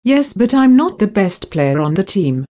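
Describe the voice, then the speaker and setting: A woman reading simple scripted practice dialogues in a slow, even textbook delivery. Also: mid-range voice. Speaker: dialogue reader for English practice.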